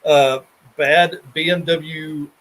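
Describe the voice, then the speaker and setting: A man's voice: on the high side, steady tone, takes it slowly, a bit bright, a little hiss or hum, low-quality recording. A man hosting a car podcast, chatting casually and rambling with restarts and fillers. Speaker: podcast host.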